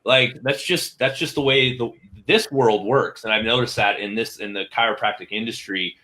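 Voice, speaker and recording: Guy on a podcast, lowish voice but bright and edgy, chatty, keeps saying right?. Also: moderate pace. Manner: candid, emphatic, tag questions like "right?". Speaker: guest, chiropractic marketer. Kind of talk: casual interview chat.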